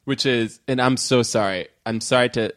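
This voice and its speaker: A man's voice: medium pitch, normal speed. A man co-hosting a podcast, chatting casually about a film and acting out its lines with lots of laughter. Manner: animated, acts out movie lines, laughs a lot. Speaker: podcast co-host.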